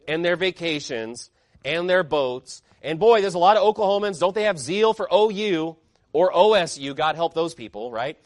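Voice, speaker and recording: A man preaches with a high, ringing voice, pressing hard with rhetorical questions and emphatic outbursts. The sound is dry and close, with no room echo. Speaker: pastor. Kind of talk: sermon.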